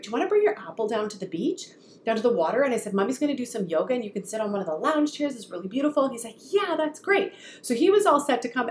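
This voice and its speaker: Fast-talking woman in a roomy echo. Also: mid-range voice. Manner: lively storyteller acting out quoted voices. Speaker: podcast co-host. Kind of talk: casual chat. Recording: roomy echo, faint ambient noise.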